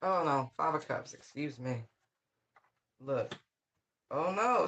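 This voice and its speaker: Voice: mid-range voice, expressive, slow pace, long pauses, fairly bright tone, slight background noise. Sassy, scolding tarot reader. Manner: sassy, scolding call-outs with repeated phrases; slang-heavy, swears freely. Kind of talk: casual channeled tarot reading.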